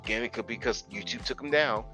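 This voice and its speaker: A man co-hosting a casual wrestling podcast, talking in loose, profane banter and jumping into high-pitched outbursts. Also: fast talker, bright, forceful tone, faint music behind. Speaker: podcast co-host.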